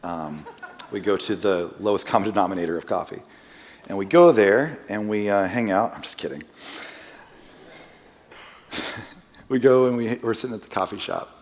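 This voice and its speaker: Long church-hall reverb surrounds a man with a lowish voice who speaks at a moderate pace with long pauses. Preaching as a guest in the sanctuary, he tells a personal story conversationally, poking fun at himself with joking asides.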